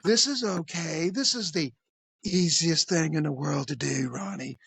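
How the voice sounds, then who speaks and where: A man's voice: on the high side, unhurried, gravelly, fairly bright tone, slightly rough, dry recording, exaggerated voice. A man voicing a creepy middle-aged man who talks in a coaxing, sing-song way. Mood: wheedling.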